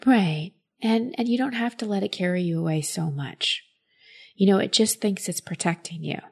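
A woman's voice: medium pitch, moderate pace, vocal fry, a little mellow, husky. A woman coach giving advice in a casual chat, explaining thoughtfully with frequent filler words.

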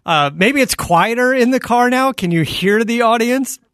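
A man's voice: extremely high pitch, animated, moderate pace, a bit bright, no echo, studio quality. A man co-hosting a casual interview podcast, asking rambling, loosely built questions and laughing easily. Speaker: podcast co-host.

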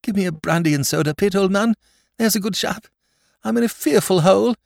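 A man's voice: sits high, fairly quick, creaky, darkish tone, dry recording, studio quality, voice pushed up. A man voicing a hapless, mopey young English lord in an audiobook reading, whining and drawling plaintively.

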